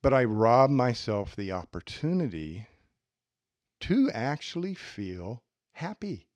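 A man's voice: medium pitch, slow, no echo. A man co-hosting a self-help podcast, teaching and acting out little everyday scenes. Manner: animated, acts out little scenes. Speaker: podcast co-host.

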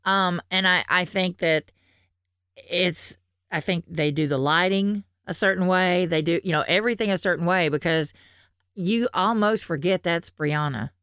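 A woman's voice: on the low side, moderate pace, a bit bright, smooth, no echo, studio quality. A woman with a Southern US accent co-hosting a podcast in casual, chatty talk, laughing often and swearing freely. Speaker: podcast co-host. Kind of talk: casual chat.

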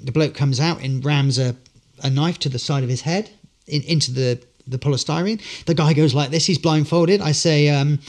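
A street performer appearing as a podcast guest tells a long, rambling anecdote, full of fillers and restarts. His voice is fairly high and a little mellow, at a normal speed.

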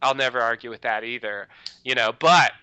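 A man's voice: mid-range voice, fairly quick, bright, forceful tone, clean tone, no echo, rough recording. A man co-hosting a podcast in casual chat, rambling and peppering his talk with "you know" and restarts. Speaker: podcast host.

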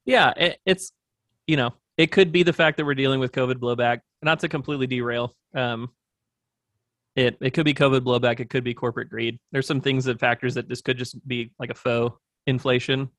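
A man with a mid-range, fairly bright voice speaks steadily and a little fast, recorded with studio quality and no room sound. He's an agency owner guesting on an interview show, talking through business plans in a thoughtful, rambling way full of fillers. It's casual interview talk.

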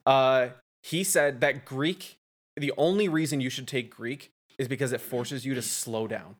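A man's voice: mid-range voice, measured pace. A pastor in his twenties hosting a podcast, chatting casually and using everyday examples. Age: 20s. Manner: conversational, uses everyday examples.

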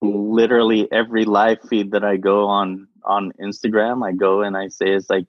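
A man from Saudi Arabia, a guest in a casual interview, telling stories in an animated way, laughing often and acting out other people's voices. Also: lowish voice, moderate pace, few pauses, no echo, lo-fi sound.

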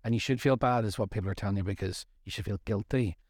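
Rambling, jokey middle-aged man, low voice. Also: fast talker, darkish tone. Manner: rambling and jokey, with self-deprecating asides. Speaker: co-host of a faith study series. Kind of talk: casual faith discussion.

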